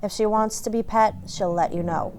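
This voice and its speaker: A woman's voice: mid-range voice, steady tone, moderate pace, darkish tone, soft background music, natural voice. A woman voicing a haughty, dismissive homeowner in a visual novel, curt and condescending as she reads the dialogue aloud. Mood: disdainful.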